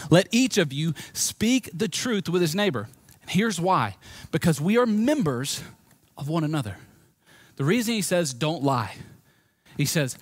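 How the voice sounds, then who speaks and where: A male pastor with a Southern US accent delivers a sermon, his voice sitting fairly high. He moves between loud, emphatic lines and quiet, low stretches. The sound is dry and close. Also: slightly rough, no echo. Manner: animated preaching with swings from loud emphasis to quiet.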